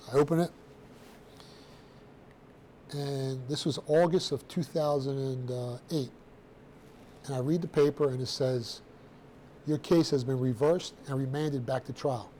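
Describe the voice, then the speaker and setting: A middle-aged man telling his own story to a room of students in a blunt, streetwise, animated way, with casual slang. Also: medium pitch, a little hiss or hum. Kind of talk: personal storytelling talk to students.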